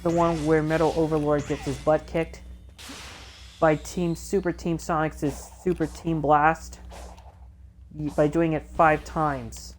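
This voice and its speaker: A woman's voice: low voice, flat delivery, measured pace, a little mellow, slight background noise. A woman hosting a let's play video, recapping game scenes in a rambling, self-correcting way and acting out quotes.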